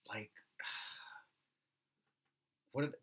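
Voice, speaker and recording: A man's voice: extremely slow, a bit bright. A man co-hosting a casual podcast, rambling and joking as he retells stories and quotes people. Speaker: co-host, pro MMA fighter.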